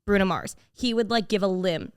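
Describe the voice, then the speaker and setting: A young woman co-hosting a podcast, telling a story in casual chat, animated and full of "like" fillers, acting out what others said. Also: medium pitch, normal speed, smooth. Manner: animated, quotes people in shifting voices, many "like" fillers. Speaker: podcast co-host.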